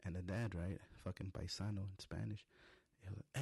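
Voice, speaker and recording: A man's voice: sits low, brisk, creaky, a little mellow, slightly rough, no room sound. A young adult man on a podcast, telling a rambling, profane story in a casual monologue. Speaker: podcast host.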